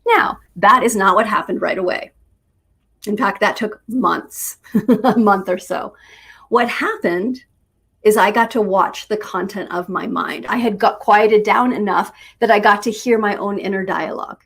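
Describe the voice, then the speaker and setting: Brief: woman spiritual teacher, mid-pitched, unhurried storytelling with pauses. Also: fairly bright tone, husky. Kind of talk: reflective teaching talk with personal story.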